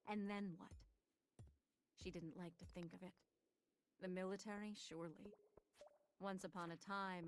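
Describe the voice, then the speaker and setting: A woman narrating an audiobook in a measured, even reading voice. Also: fairly low pitch, a little hiss or hum.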